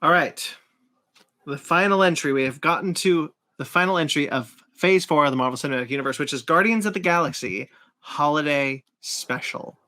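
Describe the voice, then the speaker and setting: A man with a bright, slightly high voice hosts a podcast conversation. He steers the segment and lays out his opinions in a measured way. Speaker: podcast host. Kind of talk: casual chat.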